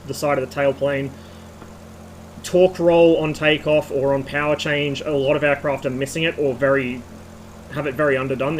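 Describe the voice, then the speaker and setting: A slightly hoarse man streaming, giving a rambling technical rant with casual swearing. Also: medium pitch, slight background noise, rough recording.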